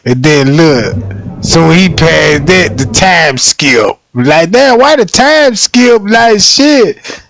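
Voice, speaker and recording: A man's voice: fairly high pitch, big pitch swings, creaky, a bit bright. A man hosting a livestream, reacting with lots of laughter and slangy commentary. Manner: slangy, laughs often, acts out quick bits. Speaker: livestream host.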